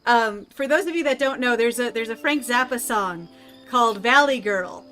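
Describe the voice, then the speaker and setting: A woman's voice: fairly high pitch, normal speed, pushed and bright, soft background music. A woman streamer chatting casually and rambling with jokes while playing a game. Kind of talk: casual gameplay commentary.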